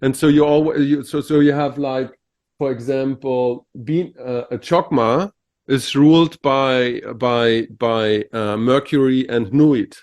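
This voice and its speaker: A man's voice: mid-range voice, steady tone, slow pace, a little mellow. Searching, filler-heavy male co-host. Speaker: podcast co-host. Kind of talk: casual philosophical conversation.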